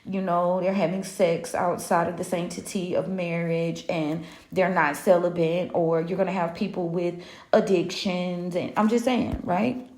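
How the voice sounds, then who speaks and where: Gravelly, sassy woman in an echoey room. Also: lowish voice, level tone, a little slow, darkish tone. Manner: sassy, profane, laughs often. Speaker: spiritual reader hosting a live collective reading. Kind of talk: casual live-stream rant.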